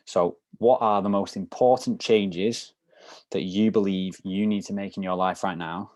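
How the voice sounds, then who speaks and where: Deep-voiced man coaching casually. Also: darkish tone, no echo. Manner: loose, explanatory, lots of "so" and "kind of". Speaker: wellness program coach. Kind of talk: casual group discussion.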